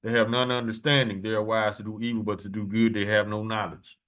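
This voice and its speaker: A man reading scripture verses slowly and adding blunt, profane commentary between them. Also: fairly low pitch, little pitch movement, a bit bright. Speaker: preacher.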